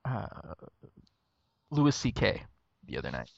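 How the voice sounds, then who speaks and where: Man in his late thirties, podcast host, gravelly, lively pitch, slightly dull dry recording. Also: unhurried, no room sound. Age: late 30s. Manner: laughing, animated storyteller. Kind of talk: casual podcast chat.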